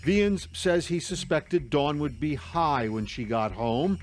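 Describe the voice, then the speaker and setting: Slow, measured male news correspondent. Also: fairly high pitch, expressive, faint music behind. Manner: measured, deliberate delivery. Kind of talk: scripted true-crime narration.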